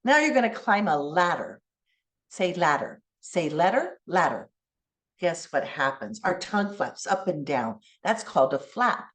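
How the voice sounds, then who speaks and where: Animated woman giving a keynote lecture. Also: on the low side, a little slow. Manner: animated teacherly, asks audience to repeat sounds. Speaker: keynote speaker.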